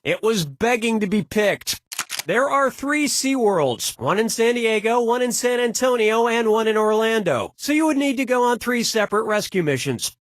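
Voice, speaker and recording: A man's voice: extremely high pitch, animated, normal speed. A man hosting a comedy quiz video game, sarcastic and teasing the players between questions.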